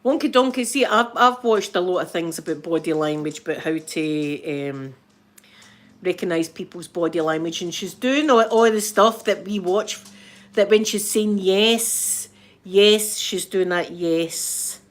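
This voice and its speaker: A woman's voice: on the low side, expressive, unhurried. A middle-aged Scottish woman hosting a live stream, chatting casually with viewers, laughing often and mimicking other voices. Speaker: ASMR livestream host.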